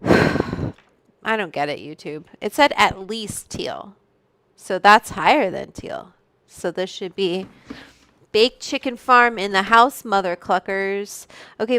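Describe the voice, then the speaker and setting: Slow, smooth-voiced woman rambling on a stream. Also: mid-range voice, a bit bright, dry recording. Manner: rambling, chatty, reads out viewer names and swears freely. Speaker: livestream host. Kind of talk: casual livestream chat. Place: room at home. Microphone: studio microphone.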